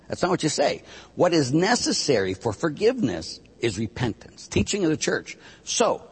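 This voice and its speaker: Husky, animated priest in an echoey hall. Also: male voice, a little high, normal speed. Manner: emphatic, animated, plays out quoted voices. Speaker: Catholic priest. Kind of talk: teaching on a talk show. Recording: long hall reverb.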